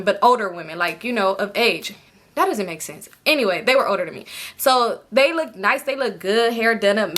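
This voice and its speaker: Young woman, storytime vlogger: bright and animated, slips into voices for quoted people. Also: medium pitch, slight background noise. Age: young adult. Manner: chatty, animated, quick voice switches for quoted people. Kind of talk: casual storytelling to camera.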